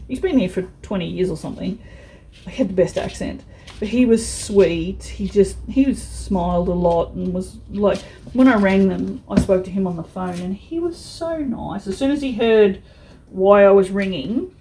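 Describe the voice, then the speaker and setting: A woman's voice: mid-range voice, mellow, slight background noise, poor audio. A woman vlogger chatting frankly while she works on a craft project, with mild swearing and many restarts. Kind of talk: casual chat while crafting.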